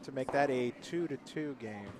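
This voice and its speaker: A man's voice: mid-range voice, normal speed, heavy background noise. A man co-commenting on curling, explaining shots with some hesitation. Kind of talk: live sports commentary.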